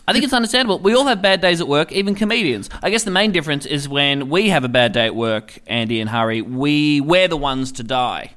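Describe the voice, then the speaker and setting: A man's voice: on the high side, lively intonation, normal speed, a bit bright. A man hosting a satirical comedy podcast, delivering sarcastic, mock-earnest commentary and chuckling through his jokes.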